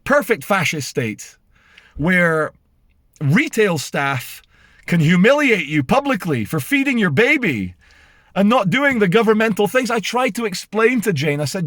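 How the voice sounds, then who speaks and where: Indignant high-voiced British man, dry sound. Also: a little slow, no room sound. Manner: indignant, sarcastic, animated. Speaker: vlogger. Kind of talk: casual storytelling rant to camera.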